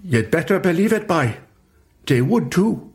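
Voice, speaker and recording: Man putting on a high bossy big sister dinosaur, irish, sharp and scolding. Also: sing-song, a little slow. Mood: firm.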